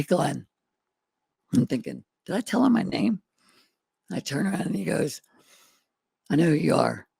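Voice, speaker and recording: A middle-aged guest entrepreneur tells life stories in a candid interview, earnest and folksy, acting out old conversations in quotes. His voice sits fairly high, gravelly and darkish, slightly rough, with no room sound.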